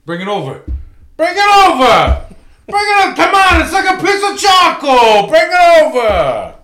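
A man's voice: extremely high pitch, wildly swooping pitch, normal speed, reverberant, voice pushed up, full character voice. A bellowing film tough guy. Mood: furious. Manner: loud, barking, exasperated New York tough-guy impression. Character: hot-tempered male boxer from a film, yelling for his steak.

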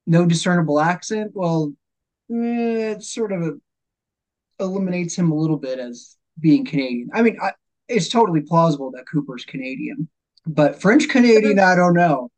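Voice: medium pitch, normal speed. A host born and raised in America, chatting casually with a guest and leaning on fillers. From United States. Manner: relaxed, chatty, uses fillers. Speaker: podcast host. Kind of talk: casual interview talk.

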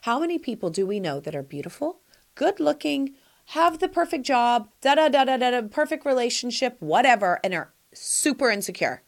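Sassy, lively-voiced woman podcast host. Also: fairly high pitch, moderate pace. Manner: sassy, emphatic, talks straight to the listener. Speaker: podcast host answering listener questions. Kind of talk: casual advice chat.

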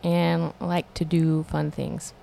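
A woman co-hosting a casual chat, chiming in with quick, short reactions and answers. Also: low-pitched, little pitch movement, gravelly, dark tone. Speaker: co-host.

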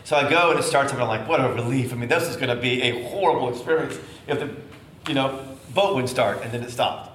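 A middle-aged man preaching as a bishop, telling a personal story in an animated way and acting out the voices. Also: mid-range voice, fast talker. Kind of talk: storytelling sermon. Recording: echoey room with faint noise.

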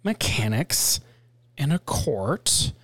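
A man's voice: mid-range voice, sing-song, slow pace, a bit bright, husky, dry recording. A man co-hosting a casual movie podcast, making wisecracks and swearing for laughs. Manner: wisecracking, swears for comic effect. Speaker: podcast co-host.

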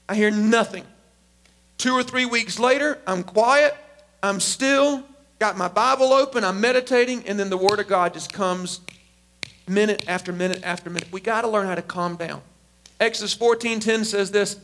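A man preaching a sermon as a pastor, emphatic and animated. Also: high voice, normal speed. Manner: animated, emphatic, acts out quotes.

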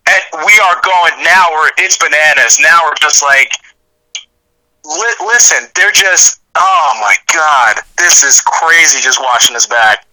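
An excitable man relives a wrestling match as he watches it back with a friend, shouting the calls and admitting his voice is shaking. His voice sits fairly high and rings very bright and forceful. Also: a little slow, rough recording. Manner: emotional, shouts and cries out while reliving the match. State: voice shaking with emotion. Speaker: guest. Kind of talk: excited watch-along chat.

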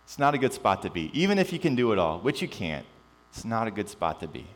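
A man preaching a sermon in a reverberant church hall, his lowish voice rising animated and falling to quiet emphasis. A faint mains hum sits under the long reverb. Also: quick pace. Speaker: pastor.

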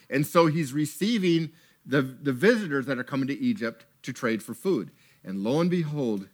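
A man preaching a sermon in a tent to a gathered audience, retelling a Bible story with animated asides and acted-out lines. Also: mid-range voice. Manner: animated storytelling, acts out characters.

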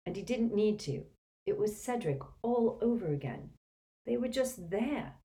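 A woman's voice: medium pitch, lively intonation, unhurried, warm tone, voice pushed up. A woman voicing a tense, stubborn teenage boy wizard who answers defiantly.

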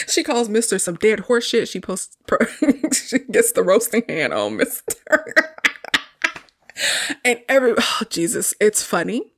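A woman's voice: mid-range voice, animated, unhurried. A woman hosting a solo review podcast, retelling a film scene in a chatty, casual way and laughing often.

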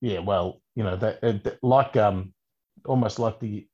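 Australian male podcast co-host with dry humor, raspy voice on a dull, lo-fi line. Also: lowish voice, unhurried, dark tone. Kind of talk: casual chat.

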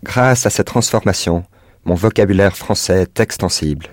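A man's voice: low voice, fairly quick, no echo, clean studio sound. A man answering as a student in a language lesson, repeating practice sentences carefully.

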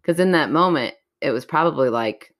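A woman's voice: low-pitched, animated, fairly quick. A woman co-hosting a podcast in casual chat, tossing in dry joking asides. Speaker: podcast co-host.

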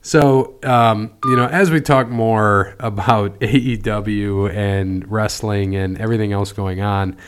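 A man's voice: lowish voice, fairly even intonation, takes it slowly, few pauses, clean tone. A man hosting a casual wrestling podcast, joking and laughing with his co-hosts. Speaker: podcast host. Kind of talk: casual chat.

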